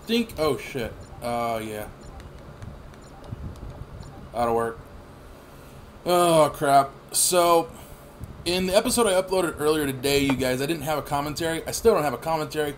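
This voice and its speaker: Profane excitable man in his thirties. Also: on the high side, a little hiss or hum. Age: 30s. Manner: rambling, profane, excitable outbursts. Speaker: gaming channel host. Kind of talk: live gameplay commentary.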